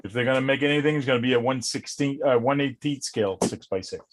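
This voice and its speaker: A man's voice: medium pitch, quick pace. A man chatting casually on a hobby stream, matter-of-fact and mildly teasing. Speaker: panelist on a hobby chat stream. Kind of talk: casual chat.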